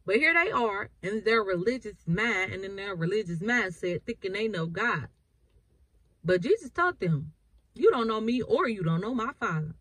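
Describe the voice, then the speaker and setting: A woman's voice: mid-range voice, lively intonation, normal speed, fairly bright tone, slightly rough, no room sound, low-quality recording. A woman preacher, reading scripture and explaining it with emphatic repetition. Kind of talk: bible reading and sermon.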